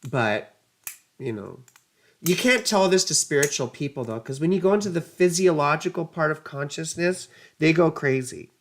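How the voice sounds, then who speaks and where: A woman's voice: sits low, expressive, moderate pace. A woman giving a casual astrology reading, chatty and rambling, drifting into side stories. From United States. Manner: rambling, digressive, chatty, self-mocking.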